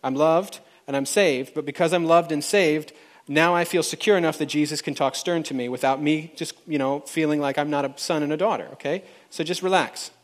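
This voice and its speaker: A man's voice: on the high side, fairly quick. A man preaching a conversational sermon to a live congregation, chatting directly with the people in the room.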